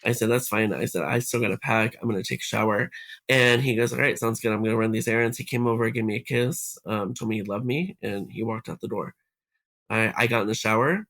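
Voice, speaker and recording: A man's voice: lowish voice, a little fast, fairly bright tone. A man, a podcast guest, recounting what happened to him and acting out the conversations he had along the way. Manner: retells events by acting out quoted dialogue. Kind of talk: recounting a personal story in conversation.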